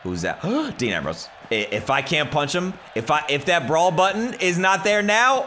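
Man, let's play commentary, casual and joking, mutters to himself, bright voice, faint hiss. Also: a little high, big pitch swings, moderate pace, hardly any pauses. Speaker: gaming YouTuber.

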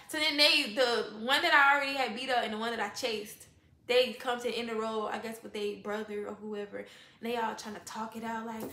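Bright-voiced young woman telling a storytime. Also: a little high, a little fast, reverberant. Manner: profane, expressive, acts out quoted voices. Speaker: vlogger. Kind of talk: animated storytime.

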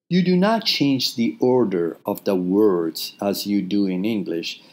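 A man gives a recorded grammar lesson in a lowish voice. He speaks very slowly and patiently, pausing between short phrases. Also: a little mellow. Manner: slow, patient explaining with pauses between phrases. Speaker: language teacher.

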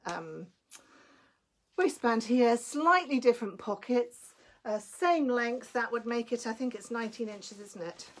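There's slight background noise as a woman with a fairly high voice hosts a clothing live stream. Enthusiastic and talkative, she calls out viewers by name and sounds a bit breathless.

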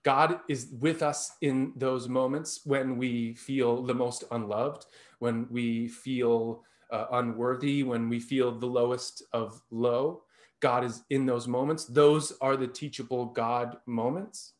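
A man's voice: medium pitch, fairly even intonation, takes it slowly. Earnest man telling a church story. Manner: earnest, storytelling, with restarts and emphatic rises. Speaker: lay preacher. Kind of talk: personal sermon in church. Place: church sanctuary.

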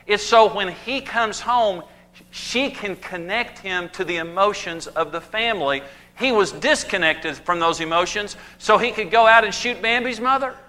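A man gives a humorous marriage talk with a high, bright voice. He tells lively stories and acts out the voices of the people in them. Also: moderate pace. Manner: animated storytelling, acting out quoted voices. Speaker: marriage teacher.

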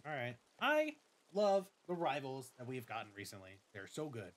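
Excitable young man gushing over a game. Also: medium pitch, normal speed. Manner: excitable, gushing, swearing, dramatic self-mockery. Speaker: gaming streamer. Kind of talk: let's play commentary.

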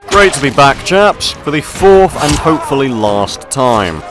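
In a dry recording, a man with a medium, sing-song, fairly bright voice speaks unhurriedly yet with hardly any pauses. A gaming video creator, he gives in-character commentary as a mock-pompous upper-class officer, laughing at his own jokes, while faint music plays.

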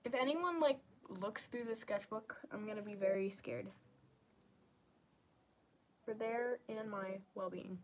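A young woman live-streaming as she paints, chatting casually to her viewers in a rambling, self-deprecating way that often sinks into quiet murmurs. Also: mid-range voice, a little slow, long pauses, a little hiss or hum. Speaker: livestreamer.

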